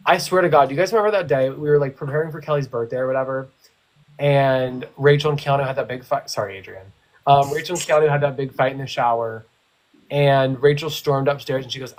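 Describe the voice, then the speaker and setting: A man's voice: mid-range voice, fast talker. A young man co-hosting a livestream chat, teasing and telling stories with acted-out quotes over a video call. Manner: animated storyteller, teasing, acts out quotes. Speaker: livestream co-host, former reality show contestant. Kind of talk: casual group chat on a livestream.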